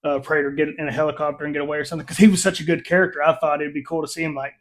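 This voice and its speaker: A middle-aged man hosting a casual review chat, animated and quick to laugh as he retells scenes. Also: fairly high pitch. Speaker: reviewer, channel host.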